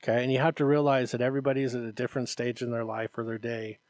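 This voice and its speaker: A man's voice: mid-range voice, flat delivery, racing, darkish tone, no echo. Earnest male podcast host, dry close mic. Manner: earnest and encouraging, acts out parents' voices, often adds "Okay?". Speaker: martial arts instructor and podcast co-host. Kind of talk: casual podcast chat.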